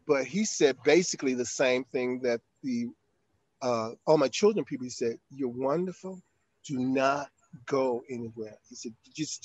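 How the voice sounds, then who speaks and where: A man's voice: mid-range voice, no echo. Older guy spinning an audition story, dry close sound, muffled audio. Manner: animated anecdote with acted quotes and frequent fillers. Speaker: actor guest. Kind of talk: storytelling in an interview.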